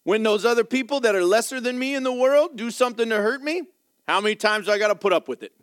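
A man acting out a proud, boastful apostle, speaking loud, rushed and self-important. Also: very high voice, animated, clear, resonant tone, dry recording, studio quality, pitched above the performer's own voice. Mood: smug.

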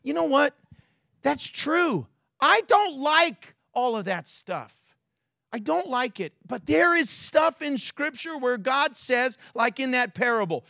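A man preaching a sermon as a pastor in a church, animated and acting out quotes with big swings in his voice. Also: very high voice, slow pace, creaky, dry recording, studio quality.

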